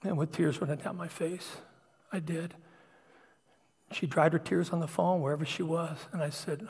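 A middle-aged man preaching a sermon, telling personal stories in a confessional way that swings from hushed to loud. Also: fairly high pitch, fairly even intonation, normal speed, slightly rough, long reverb tail.

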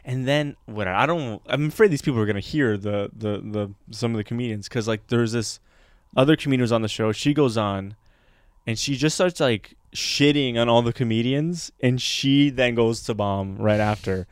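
A young man co-hosting a comedy podcast in loose, casual chat. He tells stories with lots of swearing and jumps into loud put-on voices when he quotes people. The sound is dry and close, with no room around it. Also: mid-range voice, moderate pace, smooth, no echo. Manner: animated storytelling, acts out quotes loudly, swears a lot.

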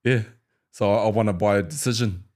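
Male ex-fighter guest, New Zealand accent, low relaxed storyteller. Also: brisk. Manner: animated storyteller, acts out fight banter and laughs. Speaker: former UFC fighter, guest. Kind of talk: casual storytelling interview.

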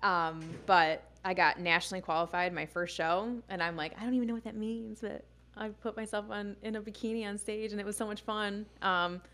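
A young woman chatting casually as a guest, telling animated stories full of "like" and acted-out quotes. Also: medium pitch, moderate pace. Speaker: guest, bikini fitness competitor. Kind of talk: casual storytelling chat.

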